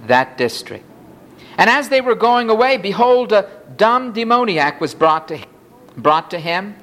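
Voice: medium pitch, a bit bright. A preacher giving a sermon, reading scripture passages aloud and lifting the voice for quoted cries.

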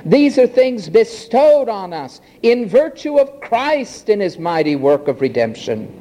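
A man preaching a sermon, slow and emphatic, with dramatic pauses and rising, swelling phrases. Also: sits high, dark tone, a little hiss or hum, poor audio.

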